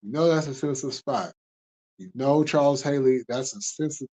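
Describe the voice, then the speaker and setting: A man's voice: mid-range voice, a little fast, mellow. A man hosting a casual late-night sports talk stream, ranting heatedly with lots of profanity and laughter. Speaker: host.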